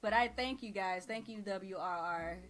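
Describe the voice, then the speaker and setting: Tired Texan woman in her thirties, laid-back slangy streamer chatter with a bright edge and soft music underneath. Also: mid-range voice, moderate pace. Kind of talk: casual live-stream chat.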